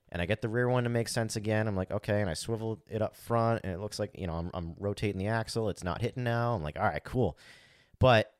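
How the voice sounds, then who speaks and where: A man with a fairly low voice tells a story in casual podcast chat, recorded dry and close with no room sound. He acts out his own thoughts as he talks, swears freely and leans on "like" as a filler. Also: no echo. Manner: frequent "like" fillers. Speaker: podcast co-host.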